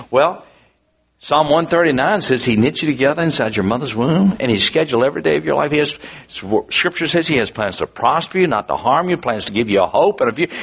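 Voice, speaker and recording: A man preaching a sermon, telling a personal story in an earnest, animated way with frequent restarts. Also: a little high, breathy edge.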